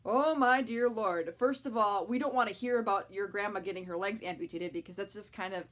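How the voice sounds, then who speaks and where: A woman's voice: mid-range voice, steady tone, fast. Young woman, casual vlog host, frank and chatty, plenty of ums. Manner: frank, chatty, many fillers. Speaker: vlogger. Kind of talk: casual talk to camera.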